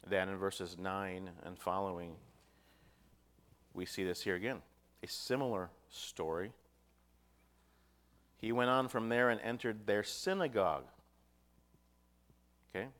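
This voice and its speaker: A man's voice: lowish voice, unhurried, long pauses, fairly bright tone. A man preaching a sermon, reading scripture aloud with rising emphasis and putting rhetorical questions to his listeners.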